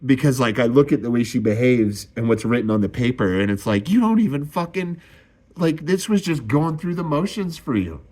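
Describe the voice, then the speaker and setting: A man's voice: mid-range voice, expressive, a little fast, darkish tone. A young man in a raw confessional monologue, swearing and sighing as his voice rises and falls with distress. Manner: raw, swearing, sighing often, voice rising when upset. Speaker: vlogger.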